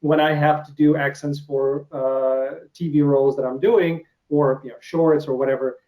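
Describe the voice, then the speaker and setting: A man's voice: fairly high pitch, little pitch movement, normal speed, muffled recording. A man from Ukraine with a Russian accent, hosting an interview in a casual, hesitant way with many uh fillers. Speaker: interview host.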